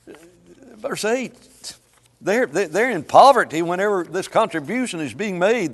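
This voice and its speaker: A man preaching a sermon to a congregation, swinging between hushed lines and loud, drawn-out emphasis. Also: sits high, animated. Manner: dramatic swings from soft to loud, slow emphatic phrasing. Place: church sanctuary. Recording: long hall reverb.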